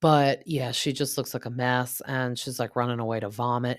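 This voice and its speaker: A podcast host in her thirties recaps reality TV in a casual, gossipy chat full of filler words. Her voice is deep, bass-like, moving at a normal speed with few pauses, and the clean studio recording has no room sound.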